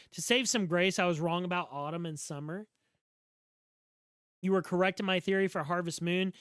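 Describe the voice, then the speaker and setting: Young male streamer, Southern drawl, bright tone, rambling jokey patter. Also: sits high, dry recording, clean studio sound. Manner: joking, rambling, talks back to chat; slurred drawl. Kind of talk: casual live-stream gaming chat.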